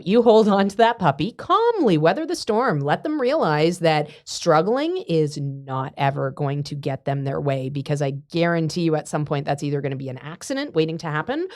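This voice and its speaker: A woman co-hosting a podcast, explaining dog training in a relaxed, conversational way. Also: low voice, no echo, clean studio sound.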